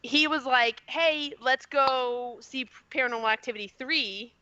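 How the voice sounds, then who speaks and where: A woman's voice: high-pitched, steady tone, unhurried, bright, forceful tone, no echo, lo-fi sound. A woman from Indiana telling a long rambling story on a casual podcast, with lots of fillers and giggles. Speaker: podcast co-host.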